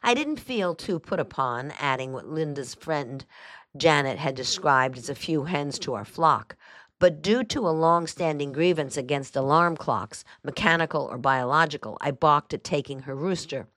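A woman with a low, deep speaking voice narrates a first-person memoir in a dry, even way. The sound is close and dead, with no room around her. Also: normal speed, dry recording. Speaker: audiobook narrator.

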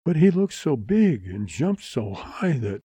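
A man voicing a proud young ranch girl, speaking in a deliberate, sweetly cool way in a raised voice. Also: mid-range voice, very animated, dark tone, slightly rough, no room sound, voice pushed up.

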